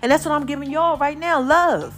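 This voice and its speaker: A woman's voice: high-pitched, a little fast, a bit bright. Breathless New woman preaching. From Brooklyn. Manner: preachy, chatty, sings snatches. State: short of breath. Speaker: podcast host. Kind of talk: casual motivational chat.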